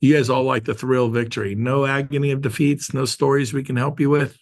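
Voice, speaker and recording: A man's voice: medium pitch, flat delivery, a little fast, vocal fry. A middle-aged man hosting an online training call, talking emphatically, repeating his points and putting questions to his audience. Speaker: host of an online real estate training call. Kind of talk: coaching talk on a video call.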